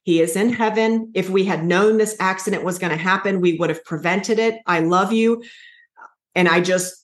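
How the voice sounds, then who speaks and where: A woman in her forties, a podcast guest telling a painful personal story in an earnest, halting way. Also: mid-range voice. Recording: echoey room.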